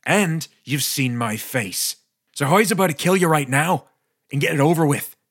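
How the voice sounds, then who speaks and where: A man's voice: a little high, lively intonation, normal speed, a bit bright, slightly rough, exaggerated voice. A man voicing a crude, teasing one-eyed male thief in a spoken story. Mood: menacing. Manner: lilting, teasing, cursing.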